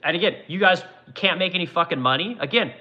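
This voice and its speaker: A man's voice: sits high, expressive, fast, lo-fi sound. A man streaming a profane, aggressive political rant, mocking the people he argues against.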